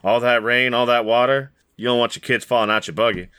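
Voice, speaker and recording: A man voicing a shaken rural uncle with a drawl, speaking in halting, folksy dialect full of restarts. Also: medium pitch, steady tone, bright, forceful tone, clean tone, lightly acted. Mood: earnest.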